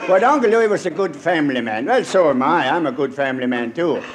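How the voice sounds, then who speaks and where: A man's voice: a little high, animated, fast talker. A man with a Pennsylvania Dutch accent telling homespun stand-up jokes in a folksy, dialect-heavy way. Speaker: comedian. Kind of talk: stand-up comedy routine.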